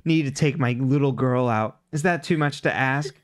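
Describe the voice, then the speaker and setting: A snivelly, whining middle-aged father, as a man puts him on while recapping a show. The voice stays at an ordinary male pitch, smooth and clear, and the sound is close and dry. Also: moderate pace, dry recording, close to an everyday voice. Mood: pleading. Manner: snivelly, pleading.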